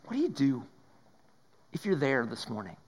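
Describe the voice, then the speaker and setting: A man preaching a sermon, swinging between raised emphasis and hushed whispers and often repeating his words. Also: mid-range voice, big pitch swings, moderate pace, husky. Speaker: pastor.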